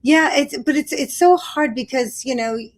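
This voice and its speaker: A woman's voice: high voice, normal speed. A woman hosting a podcast interview, asking earnest, searching questions. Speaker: podcast host.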